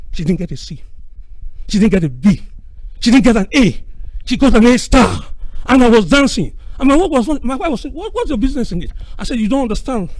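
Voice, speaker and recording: A middle-aged man giving an impassioned, preacherly conference speech, swinging from booming to hushed. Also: rough recording. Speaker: speaker at a conference.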